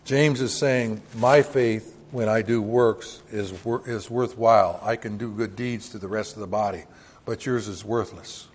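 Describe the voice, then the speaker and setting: A man's voice: lowish voice, steady tone, unhurried. An older man preaching a Bible-teaching sermon in a church, talking conversationally and asking the congregation rhetorical questions. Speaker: pastor.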